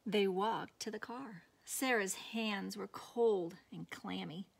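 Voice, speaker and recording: A woman teacher reading a picture book aloud to her students in an expressive storytelling manner, from a classroom. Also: medium pitch, slow, vocal fry, husky.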